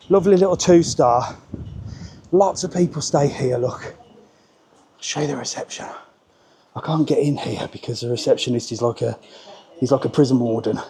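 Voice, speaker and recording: A cheerful, chatty man with a Birmingham accent talks to his phone while walking uphill outside. His voice sits a little high and sounds mellow and soft at the edges. He talks in an easygoing, slangy way. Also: a little hiss or hum. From Birmingham, England. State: out of breath. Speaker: travel vlogger. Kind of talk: live walking vlog. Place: outdoors on a hillside street.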